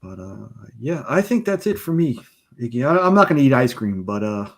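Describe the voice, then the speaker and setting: A man from Texas co-hosting a podcast in a casual, joking chat. His voice sits at a mid pitch and his delivery stays laid-back. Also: sing-song, fairly quick. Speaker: podcast co-host.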